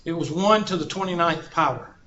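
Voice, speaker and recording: A man's voice: a little high, brisk, bright, forceful tone. Folksy man lecturing a math class. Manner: folksy, joking asides and anecdotes. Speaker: math instructor. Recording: roomy, dull classroom recording.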